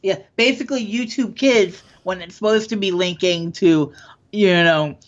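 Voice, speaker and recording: A man's voice: high-pitched, normal speed. A man co-hosting a podcast who reads news stories in a casual chat and often stumbles and corrects himself. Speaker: podcast co-host. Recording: dull lo-fi sound.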